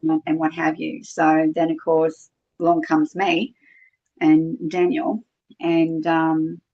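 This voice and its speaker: Deep-voiced and completely flat, this middle-aged Australian woman speaks slowly as a podcast guest. She chattily recounts her experiences in casual story form, full of fillers and quoted dialogue, on a dull lo-fi recording.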